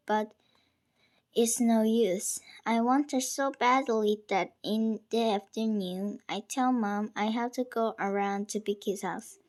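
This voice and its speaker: A woman reads a first-person story aloud at a slow, careful pace. Her voice sits a little high, and she sometimes trips on a word and starts it again. The reading feels homemade rather than polished. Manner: unpolished reading with small stumbles and restarts.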